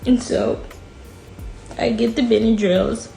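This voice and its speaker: A woman's voice: on the high side, steady tone, slow, creaky, dark tone. A woman guest telling a painful personal story in a casual, frank way, with lots of "like". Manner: casual, frank, fills speech with "like". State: emotional, near tears at times. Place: podcast studio. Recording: echoey room with faint music.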